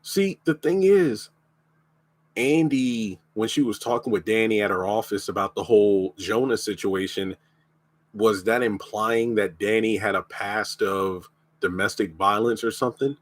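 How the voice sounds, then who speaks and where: Guy with a cough ranting about a tv show, blunt, lowish voice, dry mic. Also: a little slow, no echo. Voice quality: blunt, opinionated. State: lingering cough. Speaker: show reviewer. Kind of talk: casual live-stream review.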